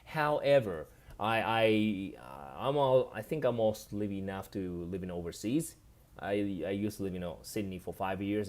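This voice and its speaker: Japanese-accented male streamer, slightly low pitch, chatty and loose, reads out viewer comments and replies. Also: darkish tone. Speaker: live streamer. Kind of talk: casual live stream chat.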